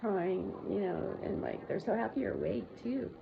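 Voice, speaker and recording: Woman rambling thru a personal story, blunt, swears a lot, gravelly voice, muffled low-fi sound. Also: normal speed. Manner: rambling, blunt and profane, many fillers. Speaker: show host. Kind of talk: candid personal monologue. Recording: muffled low-volume recording with loud background noise.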